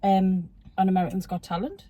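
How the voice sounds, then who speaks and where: A woman's voice: medium pitch, fairly even intonation, a little fast, mellow. A middle-aged woman with a Geordie accent from Newcastle, chatting casually and telling stories as the host's mother. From Newcastle, England. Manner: chatty, storytelling. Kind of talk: casual chat.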